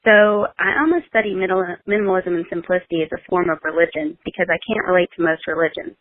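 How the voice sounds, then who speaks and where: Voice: medium pitch, fast, dry recording. A listener asking a question in a recorded voice message. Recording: tinny phone-line recording.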